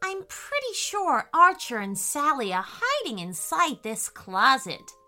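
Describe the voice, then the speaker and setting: Woman doing a little girl voice, very high, squealing, bouncy, storybook kid. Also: wildly swooping pitch, a little slow, sharp tone, faint music behind, heavily acted. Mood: excited. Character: excited little girl, playful and eager.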